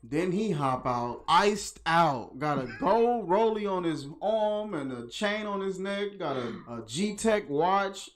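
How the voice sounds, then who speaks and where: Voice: medium pitch, animated, takes it slowly, few pauses. A movie reviewer giving a casual, mocking play-by-play of a film with slangy asides.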